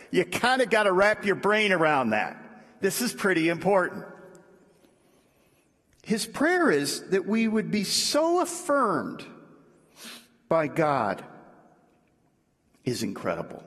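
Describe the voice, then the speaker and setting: A man preaching a sermon in a conversational way, dropping low and soft to make his points. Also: huge pitch swings, slow pace, pauses often. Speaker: pastor. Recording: echoey hall.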